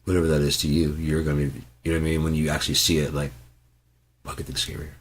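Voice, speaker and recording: Deep husky guy from michigan, swearing a lot while he rambles through a story. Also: fast. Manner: profane, animated, bursts into loud yells. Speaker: channel host.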